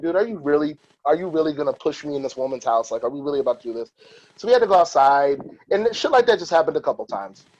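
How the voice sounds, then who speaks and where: A man with a somewhat high voice tells stories on his podcast in a candid, animated way and swears freely. The recording sounds dull and lo-fi. It is casual and unscripted. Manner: candid, profane, animated retelling. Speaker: podcast host.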